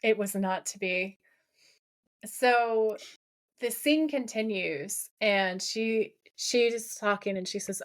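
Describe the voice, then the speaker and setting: A woman's voice: medium pitch, slow. A woman co-hosting a podcast, casually retelling a TV episode scene by scene, quoting the characters' lines and gushing over them. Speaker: podcast co-host. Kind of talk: casual chat recapping a TV episode.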